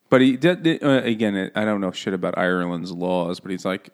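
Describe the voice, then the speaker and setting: Male podcast co-host, lowish voice, rambling casual book chat. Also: normal speed. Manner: rambling, self-interrupting, laughing asides.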